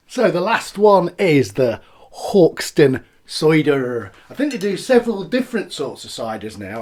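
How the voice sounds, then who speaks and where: A man's voice: a little high, big pitch swings, a little slow, a little mellow. A man casually reviewing beers and cider on camera, chatty and rambling as he tastes each one. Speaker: beer reviewer.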